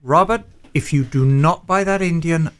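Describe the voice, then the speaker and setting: A man with a rather high, smooth and resonant voice, hosting a casual podcast. He answers listener emails with clear enthusiasm. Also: normal speed, a bit bright. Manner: enthusiastic, fond of motorbikes. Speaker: podcast host. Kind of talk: casual chat.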